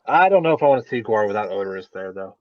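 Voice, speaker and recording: A man's voice: fairly low pitch, animated, fast, no echo, lo-fi sound. A man co-hosting a casual podcast with a dry, sarcastic delivery. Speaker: podcast co-host. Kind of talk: casual chat.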